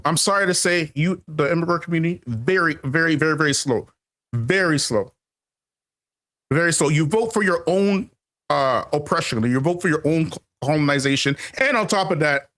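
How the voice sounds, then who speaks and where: Slightly high and a bit bright, this man's voice hosts a casual commentary monologue for his channel. He repeats himself emphatically, refers to viewers as family, and laughs frequently.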